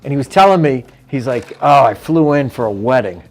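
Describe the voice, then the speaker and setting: A man telling a story in casual chat, animated and profane, quoting his friends. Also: medium pitch, brisk. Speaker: guest comedian.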